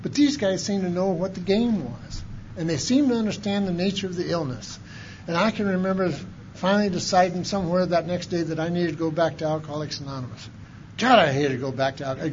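A fairly high-pitched man tells his recovery story in a folksy, plain-spoken way, rising to loud outbursts and then dropping to a hush. The recording is dull and lo-fi, with a faint hiss behind him. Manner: folksy, colloquial storytelling, swinging from loud to hushed. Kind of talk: personal recovery testimony.

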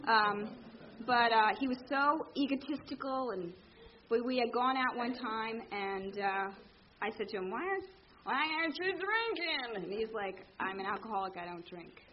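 A woman telling her recovery story to a meeting, candid and animated, acting out the people in it. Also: fairly high pitch, moderate pace, lo-fi sound, slight background noise. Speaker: speaker sharing at a recovery meeting. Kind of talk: personal story told to a meeting.

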